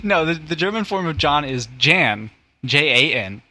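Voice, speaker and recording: Bright-voiced joking man. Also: fairly high pitch, lively intonation, measured pace. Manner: joking, rambling explainer. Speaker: podcast host. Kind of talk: casual comedic chat.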